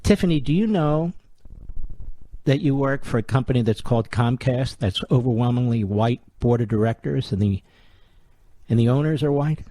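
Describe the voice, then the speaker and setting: A male talk radio host at mid pitch, sarcastic and combative, firing off rhetorical questions. His voice is close and dry, with no room sound around it. He keeps up a steady opinion monologue. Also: normal speed, no echo.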